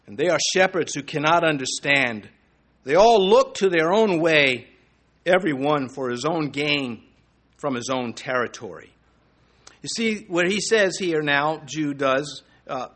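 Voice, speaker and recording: A man preaching from the pulpit with a somewhat high voice. He swings between calm explanation and sudden loud, high bursts. He reads scripture verses aloud and fills pauses with short hesitations. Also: breathy edge. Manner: animated preaching with sudden rises in pitch and loudness. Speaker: pastor. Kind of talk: sermon.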